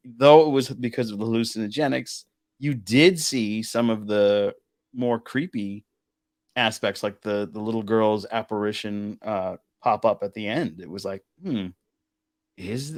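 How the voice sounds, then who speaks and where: A man hosting a casual movie review chat, animated and prone to swearing. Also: lowish voice, no room sound, studio quality. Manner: animated, swears, laughs often. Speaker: host.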